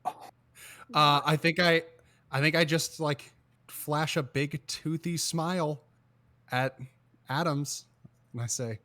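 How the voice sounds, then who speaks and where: A man's voice: on the high side, steady tone, takes it slowly, long pauses, pushed and bright. A man playing a tabletop game, wry and dry-humored, slipping into a smug drawl for his character. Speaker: player.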